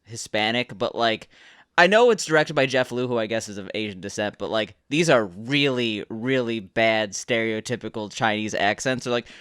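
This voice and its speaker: A man's voice: fairly low pitch, normal speed, fairly bright tone, smooth, no room sound, studio quality. A young man co-hosting a podcast, recapping a movie in casual chat and often repeating words as he starts a sentence. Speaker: podcast co-host.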